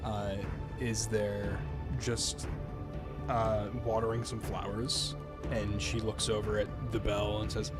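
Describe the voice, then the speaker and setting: A man's voice: fairly low pitch, little pitch movement, takes it slowly. A man running a tabletop game as game master, narrating in a rambling way with many fillers, over background music.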